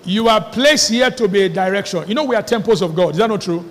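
A man's voice: sits high, quick pace. A man preaching a sermon as pastor, leading the congregation in call-and-response and stretching out key words for emphasis. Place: church hall. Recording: reverberant church hall.

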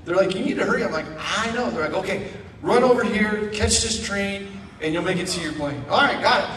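A man giving a guest testimony at church, animated and self-mocking, acting out the people in his story. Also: sits high, fairly quick, slight background noise. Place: church sanctuary. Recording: echoey church hall from far off.

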